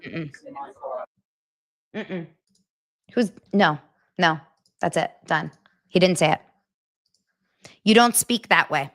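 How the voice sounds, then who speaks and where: A woman's voice: fairly low pitch, slow pace, long pauses, a bit bright, dry recording, clean studio sound. A woman hosting a celebrity gossip show, chatting casually to her viewers, emphatic and incredulous, often repeating herself. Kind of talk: casual chat to camera.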